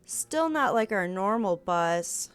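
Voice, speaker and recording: A woman voicing a timid, whiny young man, a little brother who is meek and easily scared, over soft game music. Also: mid-range voice, lively intonation, slow pace, smooth.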